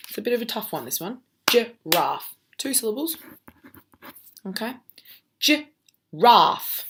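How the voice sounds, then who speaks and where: A woman teaching a recorded phonics lesson for children as a primary school teacher. She sounds out letters slowly and keeps checking in with the class. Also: fairly low pitch, background noise.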